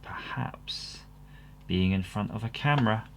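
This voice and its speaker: A man's voice: on the low side, a little slow, heavy background noise. A man hosting his own channel, assembling an electronics kit while chatting casually and poking fun at himself. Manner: rambling and self-deprecating. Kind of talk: casual workbench commentary.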